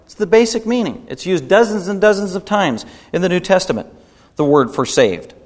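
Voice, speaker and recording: A man's voice: high voice, lively intonation, fairly quick. A man preaching a sermon in an emphatic style, his stresses rising and swelling. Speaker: pastor. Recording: long hall reverb.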